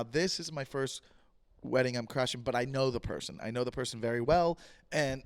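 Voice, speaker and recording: A man hosting his own podcast in a loose, jokey monologue, repeating himself, his voice a bit rough this week. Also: mid-range voice, no echo. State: voice a bit rough, clearing throat. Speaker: podcast host. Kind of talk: casual solo podcast monologue.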